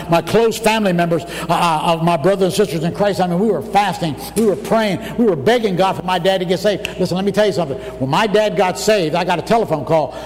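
A man preaching a fervent sermon, telling a story and breaking into shouts at its high points. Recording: distant mic, long hall reverb, faint room noise.

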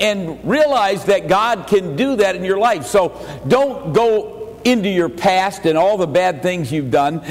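A male pastor preaching a sermon in a church, emphatic, rising to raised exhortation and dropping to quiet earnest asides, often repeating words as he restarts. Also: on the high side. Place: church sanctuary. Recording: long church reverb, faint ambient noise.

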